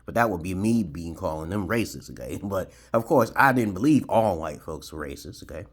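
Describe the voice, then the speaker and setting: With a low, animated, brisk voice carrying a breathy edge, a forties-aged video blogger from Brooklyn, New York, USA tells a rambling story to camera. He chuckles and keeps tagging his points with "okay?".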